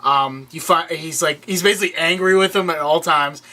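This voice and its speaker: A young man with a high, bright voice talks through a TV episode with a friend. He is animated and playful, slipping into quick impressions of the characters. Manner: animated, laughing, acting out quotes. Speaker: podcast co-host. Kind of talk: casual chat recapping a TV episode.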